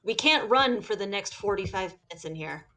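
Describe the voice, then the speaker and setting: A woman player chats through a tabletop game at a mid-range pitch. She talks casually and laughs often between her lines. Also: expressive, fairly quick, bright, forceful tone. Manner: laughing, chatty. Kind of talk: casual chat at a gaming table.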